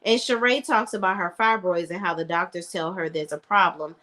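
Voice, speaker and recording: A woman's voice: on the low side, brisk, bright, forceful tone. A woman reviewing a reality show in a casual, blunt, opinionated chat.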